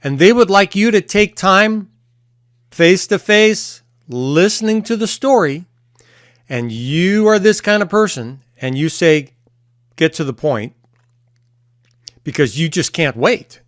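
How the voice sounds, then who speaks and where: Relaxed man explaining with pauses. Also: fairly high pitch, dry recording, studio quality. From United States. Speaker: therapist and coach. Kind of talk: casual talk to camera. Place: at home early morning.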